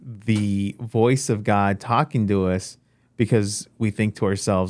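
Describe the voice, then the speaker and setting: A man casually telling a personal faith story, acting out his own lines with lively emphasis. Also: lowish voice, slow.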